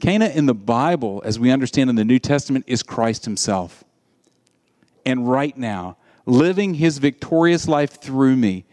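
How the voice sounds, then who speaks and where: A man preaching a sermon in an animated, conversational storytelling way. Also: medium pitch, measured pace.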